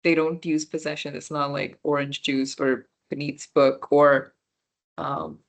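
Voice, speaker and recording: A woman's voice: low voice, a little slow. A young woman teaching a beginner class, explaining patiently and checking that her students understand. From Punjabi background. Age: young adult. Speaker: French workshop instructor.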